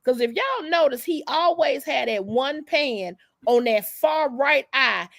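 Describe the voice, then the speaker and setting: Woman, high and gravelly, dry close sound; sassy, profane gossip host. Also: lively intonation, a little slow, a bit bright, no echo. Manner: sassy, profane, emphatic storytelling. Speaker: livestream host. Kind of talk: casual gossip commentary.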